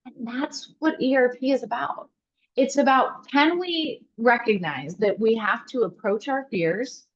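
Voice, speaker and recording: A woman therapist answering interview questions, telling stories in an animated way and speaking straight to her listeners. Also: fairly high pitch, measured pace. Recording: slightly dull lo-fi audio.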